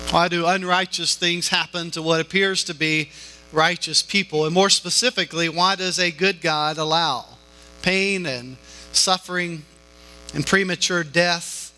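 A man's voice: high voice, bright, forceful tone, rough recording. A man preaching a sermon in a conversational way, with many fillers and restarts. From northern Alabama.

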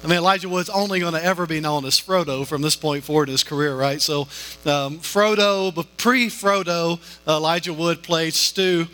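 A man's voice: on the high side, normal speed, pushed and bright, rough recording. A man preaching a sermon in a conversational way, with many fillers and restarts. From northern Alabama.

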